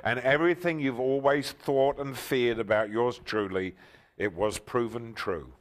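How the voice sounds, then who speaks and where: An older man, a talk show guest telling stories with enthusiasm and loud, excited outbursts. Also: medium pitch, measured pace. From England. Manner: enthusiastic, bursts into loud exclaiming when excited. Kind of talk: animated storytelling interview.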